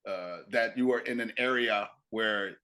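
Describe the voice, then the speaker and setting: A man co-hosting a comedy podcast, chatting casually and backing up ideas with quick agreements. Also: lowish voice, sharp tone. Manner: supportive, quick agreeing backchannels. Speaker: co-host.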